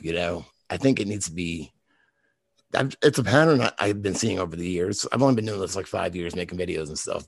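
Man from Boston, lowish husky rasp, profane storyteller, dry recording. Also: no echo. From Boston, raised in the US South from age eleven. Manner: profane, laughing storyteller who talks in restarts. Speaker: guest, video maker. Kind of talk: casual podcast chat.

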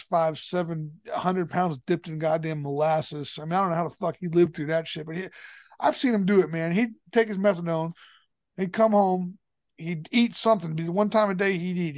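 Guy with a high voice rambling through a story, cussing nonstop, dry close mic. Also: a little mellow, no echo. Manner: profane, rambling, emphatic. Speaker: podcast guest. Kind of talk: casual storytelling.

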